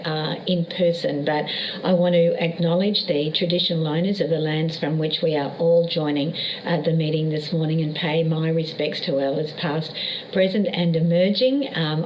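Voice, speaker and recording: Woman politician, deep voice, dull remote feed with faint noise, warm and filler-heavy. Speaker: government minister. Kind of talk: formal address by video link. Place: remote, not at the venue.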